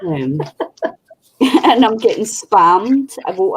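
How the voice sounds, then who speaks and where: A woman's voice: mid-range voice, lively intonation, slow pace, slight background noise, rough recording. A Scottish woman hosting a craft stream, chatting in a rambling, self-deprecating way. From Scotland. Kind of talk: casual chat while crafting. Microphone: video call setup.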